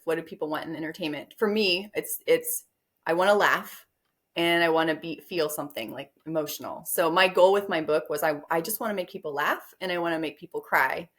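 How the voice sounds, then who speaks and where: A woman's voice: on the low side, a bit bright. A woman guest author in casual interview chat, rambling a bit and laughing often.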